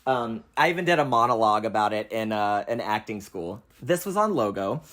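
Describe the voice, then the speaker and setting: A young man hosting a casual film chat, animated and quick to laugh, swearing freely and acting out lines as he talks. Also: lowish voice. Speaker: host.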